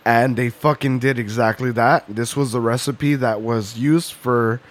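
A man's voice: medium pitch, steady tone, measured pace. A man co-hosting a podcast in casual chat, rambling and swearing, often laughing. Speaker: podcast co-host.

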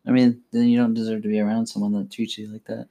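A man's voice: lowish voice, little pitch movement, fast, warm tone. Casual man chiming in supportively. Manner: casual, supportive interjections with "like" fillers. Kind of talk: casual chat.

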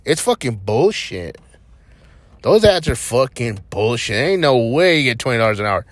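A young man from New Mexico rambles casually on his own podcast, blunt and full of swearing. His voice sits at an ordinary pitch. He records from inside a parked vehicle, and the sound is close and dry. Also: big pitch swings, moderate pace, dry recording. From Albuquerque, New Mexico. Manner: profane, blunt and defiant. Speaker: podcast host.

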